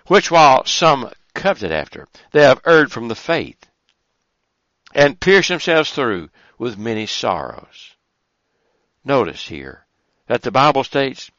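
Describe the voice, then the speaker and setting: A man's voice: fairly bright tone, no echo, lo-fi sound. A man preaching a sermon, emphatic, building to fervent, repeated lines. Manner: emphatic, rising to a fervent pitch on repeated phrases.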